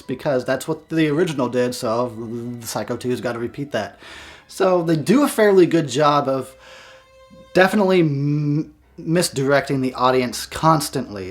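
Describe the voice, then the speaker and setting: A man giving a casual movie review, swearing freely and often breaking into laughter. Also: medium pitch. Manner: giggly, profane, breaks into laughter.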